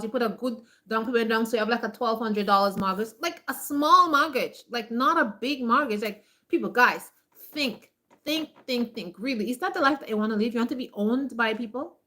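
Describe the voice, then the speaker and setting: Her voice kinda high and sharp, a homesteading vlogger rants to her viewers in a casual motivational talk. She keeps saying "like," repeats herself emphatically, and slips into quick asides voicing other people.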